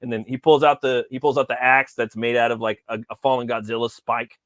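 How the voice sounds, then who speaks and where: A man's voice: mid-range voice, little pitch movement, a little fast, a bit bright, dry recording, lo-fi sound. A man from California, host of a casual chat, talking in a laid-back, rambling way and swearing freely.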